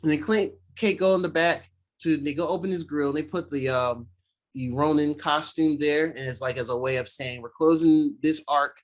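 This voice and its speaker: A man co-hosting a podcast, casually recapping an episode and acting out the characters' lines in quick voices. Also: on the high side. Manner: animated retelling, slipping into quick voices for the characters. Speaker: podcast co-host. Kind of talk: casual chat recapping a show.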